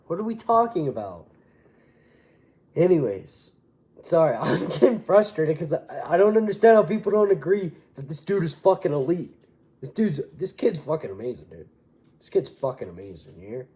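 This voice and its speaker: Young male fight commentator, somewhat high voice, heated and opinionated, swears freely. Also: husky. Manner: animated and opinionated, swears often. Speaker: MMA commentator. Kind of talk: casual fight-talk commentary.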